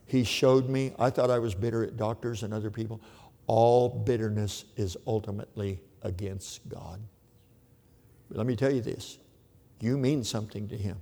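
An older man preaches, telling a personal story in an earnest, halting manner full of restarts. His voice is low, gravelly and mellow. A long reverb hangs behind him, as in a large church sanctuary. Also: fairly even intonation. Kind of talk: sermon storytelling.

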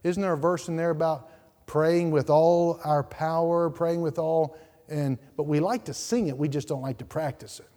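Man preaching a sermon, fairly high voice, impassioned, repeats words, long church reverb. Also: fairly even intonation, normal speed, dark tone. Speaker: pastor. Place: church sanctuary.

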